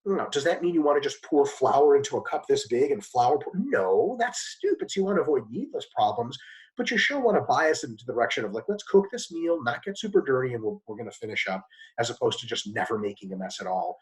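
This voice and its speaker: A man's voice: sing-song, rough recording. A man answering interview questions bluntly and emphatically, swearing casually as he explains. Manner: fast with sudden pitch jumps. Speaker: guest expert.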